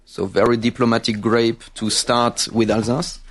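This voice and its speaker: A man from France with a French accent, a winery guest in a casual wine tasting chat, halting and often repeating words as he searches for the English. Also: medium pitch, flat delivery.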